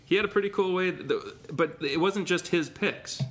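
A man's voice: high voice, normal speed, a bit bright. A man hosting a casual podcast, joking and rambling with his co-host.

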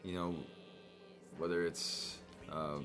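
A man speaking as a musician guest in casual chat, halting and leaning on lots of fillers. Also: low-pitched, flat delivery, over music.

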